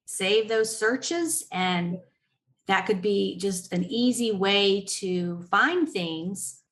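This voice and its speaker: A woman's voice: medium pitch, very slow. A woman hosting a podcast, giving friendly selling advice in a casual chat and speaking straight to the listeners. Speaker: podcast host.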